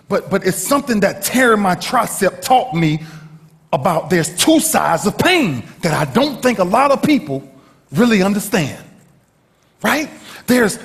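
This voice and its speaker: Male motivational speaker, dramatic storyteller, very animated delivery in a reverberant hall. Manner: dramatic storyteller, swinging from shouts to hushed lows. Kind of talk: motivational speech to a live audience.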